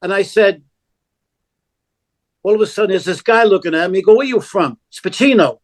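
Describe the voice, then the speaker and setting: An older man tells a story as a podcast guest, with a voice set high for a man. He talks bluntly and often swears. He acts out every line of dialogue in the story. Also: a little fast. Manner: animated, acts out quoted dialogue, blunt and profane. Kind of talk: casual storytelling.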